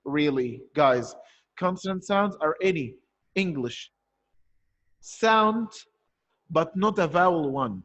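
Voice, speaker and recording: A man's voice: a little high, animated, slow, pauses often, a bit bright. A male teacher giving an online poetry lesson, explaining step by step and asking and answering his own questions. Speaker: primary school teacher.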